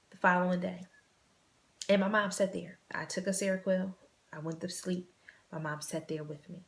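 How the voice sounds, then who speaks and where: A woman vlog host telling a personal story in an earnest, halting way, repeating phrases and sometimes dropping to a hush. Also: lowish voice, fairly even intonation.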